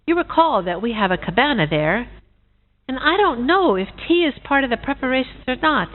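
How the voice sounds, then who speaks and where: A woman's voice: high voice, very animated, a little fast, pitched above the performer's own voice. A woman doing a forgetful old goose. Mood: puzzled. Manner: hesitant, unsure. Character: forgetful, puzzled older female goose. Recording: tinny phone-like sound.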